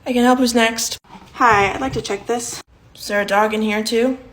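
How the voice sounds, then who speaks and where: A woman's voice: on the high side, fairly even intonation, normal speed, fairly bright tone, slight background noise. A young woman performing short comedy sketches, playing every part herself with a dry, matter-of-fact delivery.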